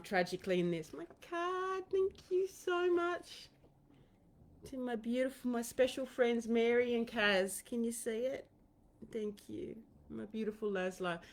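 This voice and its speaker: An Australian woman hosting a live online Q&A, talking casually and rambling, with many fillers and restarts. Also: medium pitch. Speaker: host of a horse-training Q&A livestream. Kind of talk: casual livestream chat.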